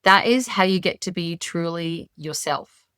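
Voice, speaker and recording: A woman's voice: lowish voice, measured pace, clean tone, no room sound. Chatty middle-aged Australian woman, dry sound. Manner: animated, rambling storyteller who acts out her own past thoughts. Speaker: podcast guest. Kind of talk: storytelling in a podcast interview. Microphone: remote call.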